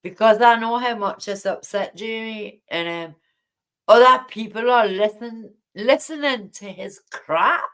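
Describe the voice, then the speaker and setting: This livestream host speaks from home late at night, greeting each viewer by name as she rambles in an indignant, chatty way. She sits on the high side, unhurried, with a slightly bright, clear, resonant tone.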